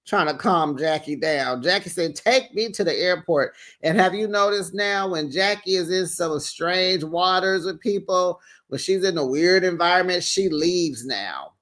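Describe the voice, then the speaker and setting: Recap vlogger, sassy, animated, casual commentary, medium-pitched voice. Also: a little slow, hardly any pauses. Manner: animated and sassy, quotes cast members; colloquial, says "child" and "honey". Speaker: reality TV recap host.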